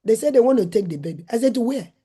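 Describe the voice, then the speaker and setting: A middle-aged woman from Nigeria with a Nigerian accent, a former nurse and midwife hosting a talk and telling her story in an animated way. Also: on the high side, very fast, slightly rough. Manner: acts out her own shouted lines in a raised voice.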